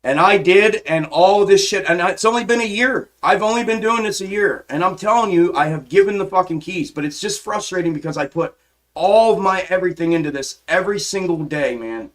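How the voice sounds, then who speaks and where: A man's voice: high voice, a little fast. A man live streaming about trading, ranting with frustration, swearing often and restarting his sentences. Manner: profane, repetitive, frustrated ranting with frequent restarts. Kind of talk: impassioned ranting monologue.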